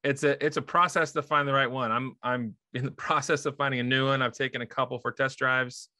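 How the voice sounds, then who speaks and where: A man in a casual chat who speaks in a measured, reflective and affirming way. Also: mid-range voice, fairly even intonation, sharp tone, dry recording. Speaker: youth ministry podcast co-host.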